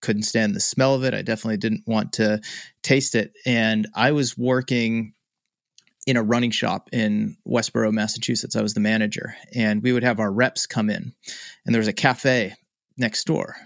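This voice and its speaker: A man hosting a podcast, telling a relaxed story to his guest and reading the show's outro. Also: lowish voice, moderate pace, creaky, no room sound, clean studio sound. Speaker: podcast host. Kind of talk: conversational podcast interview.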